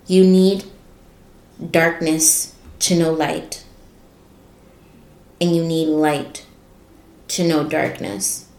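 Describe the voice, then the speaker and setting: A young woman in her twenties speaks slowly in a low voice, unhurried and reflective. She talks candidly and confessionally as a podcast host, with casual swearing. The recording has a roomy echo around her. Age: 20s. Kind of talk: reflective personal monologue.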